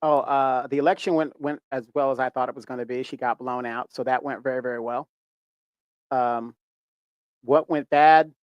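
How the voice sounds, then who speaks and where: Male host, relaxed and hesitant, mid pitch, dry close sound. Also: moderate pace, clean tone, no room sound, highs cut off. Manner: relaxed, hesitant, many fillers. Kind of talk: casual chat.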